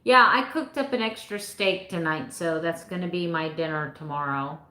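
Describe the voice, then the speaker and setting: A woman in her fifties with a lowish voice chats loosely with her live viewers. She rambles and laughs easily. The echoey room rings around her. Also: moderate pace, bright, forceful tone. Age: 50s. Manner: chatty, rambling, laughs often. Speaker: vlogger answering live chat. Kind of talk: casual live chat.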